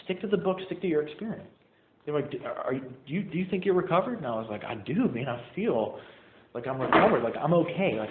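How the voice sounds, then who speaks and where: A young man speaks to a meeting group about his own recovery, in a relaxed, chatty way that is full of "like" and "man." His voice echoes in the room and comes through a narrow, phone-like sound with faint noise behind it. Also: on the high side. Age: young adult. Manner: casual, animated storytelling with "man" and "like". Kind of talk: personal story told to a group. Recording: echoey room over a tinny phone-like line.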